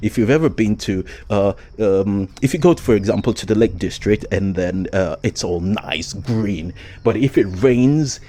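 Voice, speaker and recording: A man's voice: fairly low pitch, expressive, normal speed, few pauses, mellow, slight background noise. A man vlogging in a casual, rambling monologue, hesitant with many fillers and restarts and frequent chuckles.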